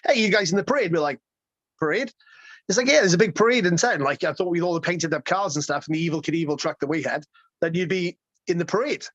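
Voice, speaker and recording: A man guest telling a road-trip story in a casual, excitable way, swearing and rambling with lots of restarts. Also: sits high, no room sound, highs cut off.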